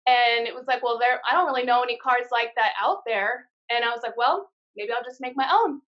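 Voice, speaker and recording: A woman's voice: fairly high pitch, fairly quick. A woman in her thirties, a guest on a casual live-stream interview, telling her story candidly and swearing often. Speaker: guest, card-deck founder. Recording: dull lo-fi live-stream audio.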